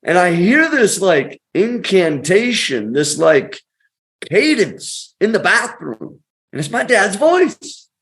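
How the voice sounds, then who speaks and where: A man with a fairly high voice tells a story as a podcast guest. He pushes his points hard and fast, with punchy motivational phrasing that swings up and down. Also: sing-song, a bit bright. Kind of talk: conversational storytelling.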